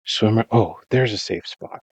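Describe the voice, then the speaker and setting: A man's voice: lowish voice, normal speed, slightly rough, no echo. A man narrating his own gameplay in a rambling, self-mocking, dramatized way, in a casual voice-over. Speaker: Minecraft let's-play narrator.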